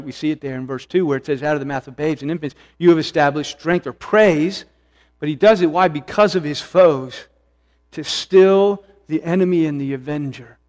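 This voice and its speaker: A man's voice: fairly high pitch, in a large hall. A male pastor preaching an expository sermon, earnest and searching, with restarts and rising emphasis.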